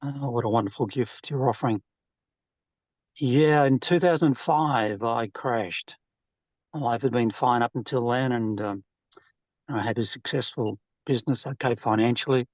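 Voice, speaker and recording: A man's voice: medium pitch, no room sound. A man on a group call sharing his personal story in an earnest, plainspoken way. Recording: dull, dry call audio.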